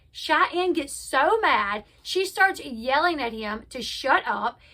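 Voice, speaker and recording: Young woman, high pitch, opinionated, casual gossip recap, chatty. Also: pushed and bright. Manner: chatty, opinionated, retells scenes by acting out quotes. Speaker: reality TV commentary host.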